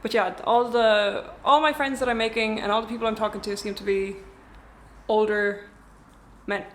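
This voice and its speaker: A woman's voice: on the high side, fairly even intonation, normal speed, slight background noise. A young woman, a travel vlogger chatting casually to camera in a rented apartment, rambling and wry.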